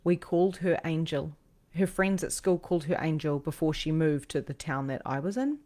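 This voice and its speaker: A woman's voice: sits low, moderate pace, a little mellow. A woman hosting a livestream as a psychic medium, telling a personal story in an emotional, rambling way with lots of ums and restarts.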